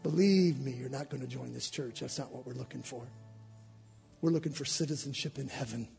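A male pastor preaching an impassioned sermon with an altar call, swinging from hushed lines to shouted ones. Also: mid-range voice, a little fast, creaky, soft background music.

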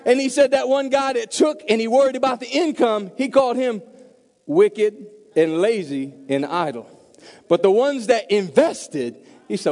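Pastor guy preaching, high voice, goes quiet then gets loud and fired up, long hall echo. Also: lively intonation, moderate pace. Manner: swings from hushed to loud and emphatic. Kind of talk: sermon. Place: church sanctuary. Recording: long reverb of a large hall.

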